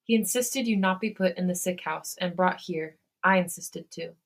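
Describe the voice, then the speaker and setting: A woman voicing a gentle, caring young man who speaks softly, in a fan fiction read aloud. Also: on the low side, moderate pace. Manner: gentle, soothing.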